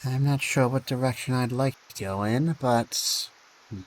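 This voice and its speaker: A man's voice: medium pitch, measured pace, poor audio. A man streaming a game, thinking aloud with dry asides and reading the game text.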